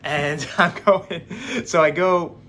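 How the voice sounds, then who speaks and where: A young man casually telling a story straight to camera, animated and acting out what others said. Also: high voice, slow, a little hiss or hum. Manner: animated, acts out quoted voices.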